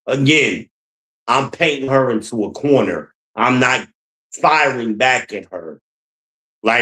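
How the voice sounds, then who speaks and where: A man's voice: mid-range voice, lively intonation, slow pace, bright, forceful tone, poor audio. A man hosting his own podcast, talking casually and bluntly on his own, venting with profanity and repeating his points. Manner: rambling, repeats himself. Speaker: podcast host. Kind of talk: casual solo monologue.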